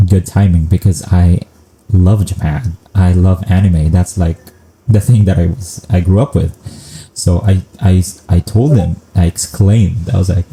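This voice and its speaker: Deep-voiced young man, chatty. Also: fairly even intonation, measured pace, dark tone, poor audio. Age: young adult. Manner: chatty, self-aware rambling, acting out quoted dialogue. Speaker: vlogger. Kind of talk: casual storytelling to camera.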